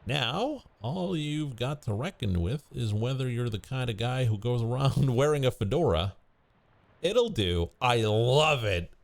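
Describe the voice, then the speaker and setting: A man's voice: medium pitch, animated, moderate pace, vocal fry, hardly any pauses, a little mellow. A man streaming a game, chatting casually and reading the game text aloud, often stumbling and correcting himself.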